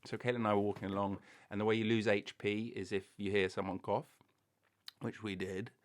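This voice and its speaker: Chatty, self-mocking man with a lowish voice. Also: little pitch movement, a little fast. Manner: meandering, self-mocking, chatty with jokey asides. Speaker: podcast host. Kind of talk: rambling solo comedy podcast. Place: indoor room, alone with a recording device.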